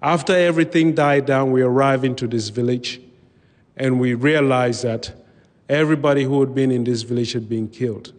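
A man recounting his own past in a measured, vivid way, pausing now and then to restart a phrase. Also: mid-range voice. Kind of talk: personal storytelling talk. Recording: long hall reverb.

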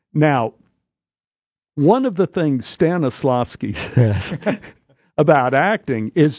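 A male actor telling an animated story in a studio interview, stammering and restarting as he acts out the people in it. His voice sits at a middle pitch. The sound is dry and slightly dull. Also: slow pace, no room sound. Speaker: guest, actor. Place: radio studio.

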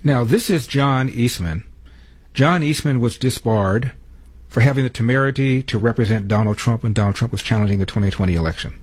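A man hosting a talk radio show, reading phone numbers and sponsor plugs before introducing clips in a brisk commentary. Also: medium pitch, darkish tone, husky, no room sound.

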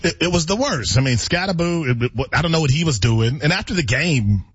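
A man co-hosting a sports radio show, animated, rambling and self-mocking. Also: a little high, a little fast, slightly rough, dry recording, dull audio. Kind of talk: casual sports talk.

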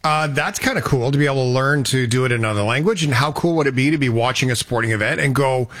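A man's voice: medium pitch, quick pace, fairly bright tone, no echo. A man hosting a casual chat, making wry joking asides. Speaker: host.

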